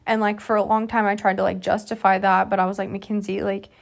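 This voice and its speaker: A woman in her twenties hosting a podcast, telling a personal story in a soft, halting way with many fillers. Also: mid-range voice, level tone, gravelly. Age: 20s. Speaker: podcast host.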